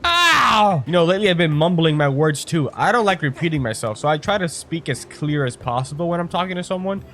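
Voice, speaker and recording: A man in his twenties chatting casually while playing a game, rambling and profane, venting with sudden loud outbursts. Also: a little high, fast talker, a little hiss or hum. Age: 20s. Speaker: gaming streamer. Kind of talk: casual gameplay chat.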